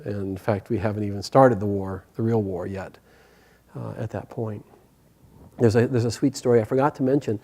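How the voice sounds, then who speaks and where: Gentle, hesitant male spiritual teacher. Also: fairly low pitch, fairly even intonation, moderate pace. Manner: hesitant, gentle, many fillers. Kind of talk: storytelling spiritual class.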